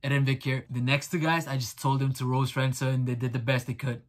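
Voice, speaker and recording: A man's voice: medium pitch, level tone, fast, noisy background. A young man hosting a playful video chat with strangers, teasing and hyping them up and calling everyone bro. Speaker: host. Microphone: webcam video chat.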